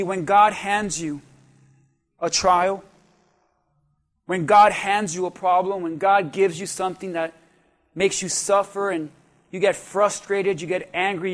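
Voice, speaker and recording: A man preaching a sermon as a pastor, building with repeated phrases and rising to shouts. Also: high-pitched. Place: church.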